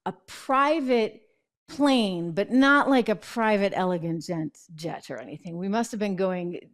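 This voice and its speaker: A woman's voice: medium pitch, measured pace. A middle-aged woman host chatting and telling a story in casual commentary. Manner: chatty storytelling with fillers and laughs.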